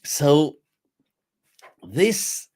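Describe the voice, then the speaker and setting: A man hosting a show as an Islamic scholar, telling a story in an animated way with frequent laughter and asides. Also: a little high, very slow.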